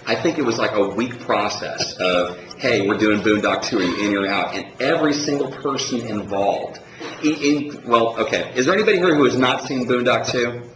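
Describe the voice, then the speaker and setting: A man's voice: mid-range voice, moderate pace. A man moderating a fan Q&A, asking rambling follow-up questions and talking to the crowd. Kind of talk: casual Q&A moderation. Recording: echoey room on a camcorder, ambient noise.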